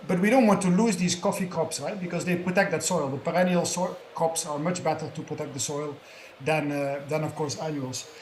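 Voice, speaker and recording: Guy explaining stuff on a panel, kinda high voice, roomy echo. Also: a little fast, a little hiss or hum. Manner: conversational, explanatory, frequent tag questions. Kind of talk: conference panel talk.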